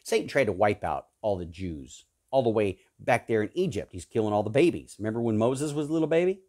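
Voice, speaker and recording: A man preaching a sermon, fervent and emphatic, swinging between loud peaks and low hushed stretches, repeating and listing words for emphasis. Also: sing-song, brisk. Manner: repetitive, emphatic lists.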